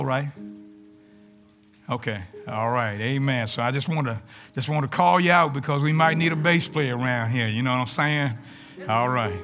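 A man, a pastor, preaching a folksy, animated sermon to his congregation in church, sometimes rising to shouts. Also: a little high, normal speed, soft background music. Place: church sanctuary.

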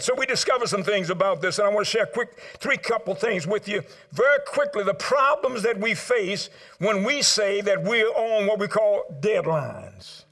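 An older male pastor with a strikingly high voice delivers a sermon. He works the congregation with call and response, lifting into sung exclamations and then sinking to quiet asides. He tells his listeners to write his points down. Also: expressive, normal speed, hardly any pauses. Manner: rhythmic call-and-response preaching, swings from loud sung exclamations to low murmurs; addresses congregation directly, asks them to write down points. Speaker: preacher.

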